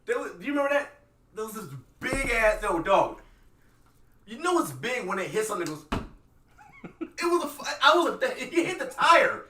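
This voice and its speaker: A man's voice: very high voice, normal speed, pauses often, distant mic, a little hiss or hum. A man from New co-hosting a podcast, telling stories with lots of laughing and acted-out voices. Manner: animated storyteller, acts out voices, laughs a lot. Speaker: podcast co-host. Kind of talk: casual chat. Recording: roomy echo from off-mic.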